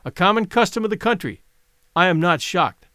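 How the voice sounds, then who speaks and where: A man's voice: high-pitched, animated, brisk, sharp tone, clean tone, no echo, studio quality. A man voicing a pleading, passionate wealthy widow in a dramatic audiobook reading. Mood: coaxing. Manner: impassioned, pleading.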